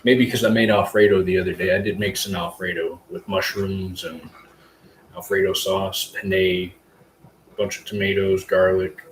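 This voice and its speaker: A man's voice: low-pitched, flat delivery, moderate pace. A man hosting a casual live stream about growing mushrooms, rambling loosely with lots of fillers and the odd curse word. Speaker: livestream host, hobby mushroom grower. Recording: echoey room with faint ambient hum.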